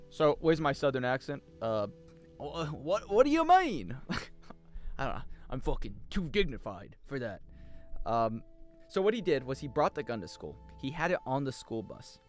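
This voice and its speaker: A man's voice: a little high, wildly swooping pitch, moderate pace, faint music behind. A young man, chatting casually on a gaming stream, joking, swearing freely and rambling. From United States.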